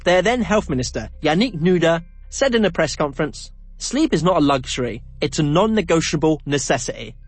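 A man's voice: a little high, very animated, fairly quick, breathy edge, no room sound, faint music behind. A man narrating a documentary in a scripted, personal way. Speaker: documentary presenter.

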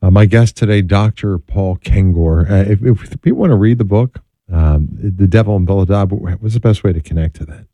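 A man hosting a radio talk show, reading out the phone lines and taking a break with brisk patter. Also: low voice, mellow, no echo.

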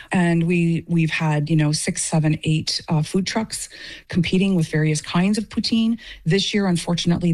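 A woman's voice: on the low side, a little mellow. A woman from Canada, a festival director, talking earnestly and with feeling in an interview. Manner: earnest and emotional. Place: Portage, Michigan.

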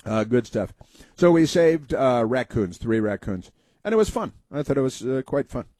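A man's voice: medium pitch, big pitch swings, moderate pace, mellow, no room sound. A man hosting a talk show, telling rambling folksy stories and giving opinionated commentary.

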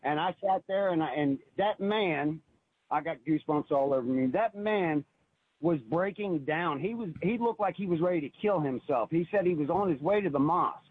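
A husky, slightly high-pitched man speaks earnestly over a tinny phone line, the sound dry and close. He tells his story with emotion and keeps circling back on his words, as a caller on a call-in radio show. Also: normal speed, no room sound. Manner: earnest, emotional, repeats himself.

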